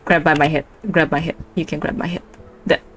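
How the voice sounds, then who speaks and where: A woman playing a co-op game on stream, excitable, exclaiming and laughing often. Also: low voice, a little fast, a crowd in the background. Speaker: guest streamer. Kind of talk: casual co-op gaming chat.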